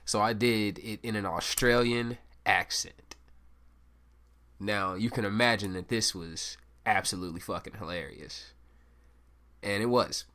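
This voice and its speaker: A man's voice: on the low side, sharp tone. A young man hosting a solo podcast, rambling and swearing through a casual story with self-mocking asides. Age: young adult. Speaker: podcast host.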